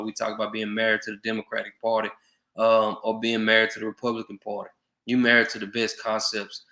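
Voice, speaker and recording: A man's voice: medium pitch, pushed and bright. A man vlogging to his viewers in a casual monologue, earnestly giving them advice. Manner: earnest, advising viewers directly. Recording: roomy echo.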